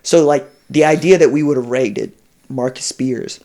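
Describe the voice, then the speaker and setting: A man in a casual sports podcast chat, telling recruiting stories with animated energy and slipping into quoted voices. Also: mid-range voice, normal speed. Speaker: college football recruiting analyst.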